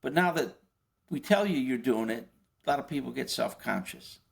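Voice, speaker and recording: A man's voice: mid-range voice, expressive, normal speed, gravelly. Older man explaining with rhetorical questions. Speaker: interview guest, former FBI agent. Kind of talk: conversational explanation.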